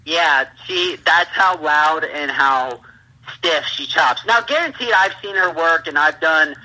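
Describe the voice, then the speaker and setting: A man's voice: fairly high pitch, slow, bright, forceful tone, low-quality recording. A man, a pro wrestler, telling rambling stories in a casual interview and laughing through them.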